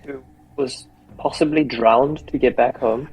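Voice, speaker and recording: A man's voice: mid-range voice, fairly even intonation, measured pace, darkish tone, lo-fi sound. A man playing a tabletop game, chatting casually in an easygoing, reassuring way. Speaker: player. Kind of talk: casual chat.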